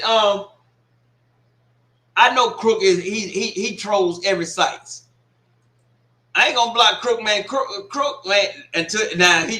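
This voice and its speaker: A man's voice: sits high, pushed and bright. A man hosting a sports watch party livestream, reading comments aloud and scolding a troll with laughs and swearing. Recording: echoey room.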